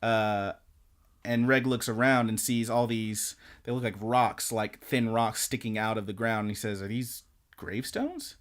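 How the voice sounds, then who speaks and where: A man's voice: mid-range voice, measured pace. A man co-hosting a podcast, casually recapping anime episodes and acting out the characters' lines in a rambling way. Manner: rambling, animated retelling with quoted lines. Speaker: podcast co-host.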